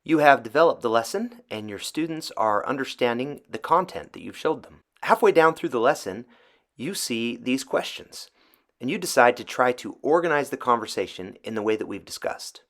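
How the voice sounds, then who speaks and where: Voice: mid-range voice, expressive, moderate pace. A seminary teacher trainer giving scripted, encouraging advice to teachers. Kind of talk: scripted instructional narration.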